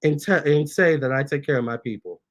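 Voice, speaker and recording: Male vlog host, voice pitched a bit high, casual and animated storytelling, coaxes his pets mid-sentence. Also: fairly quick. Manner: chatty and animated, breaks off to coax his cats. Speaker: tarot reader and channel host. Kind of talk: casual storytime, reading out viewer comments.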